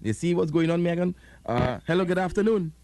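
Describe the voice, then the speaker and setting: Trinidadian male radio host, animated pitch, dry close mic, playful banter. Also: fairly quick, no echo. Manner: laughs often, playful banter. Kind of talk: casual radio call-in chat.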